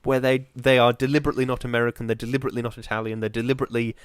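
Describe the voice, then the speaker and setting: A man's voice: mid-range voice, little pitch movement, rapid-fire, clean tone, no room sound. Thoughtful man, dry close sound. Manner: thoughtful, analytical, with fillers. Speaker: podcast co-host. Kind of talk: casual chat.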